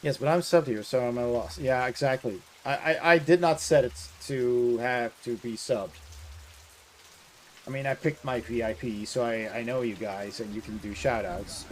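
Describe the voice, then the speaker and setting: A man's voice: medium pitch, normal speed, slight background noise. A Dutch man streaming a video game, chatting casually with his viewers and laughing often. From Netherlands. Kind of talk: casual live-stream chat while playing. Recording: game music behind.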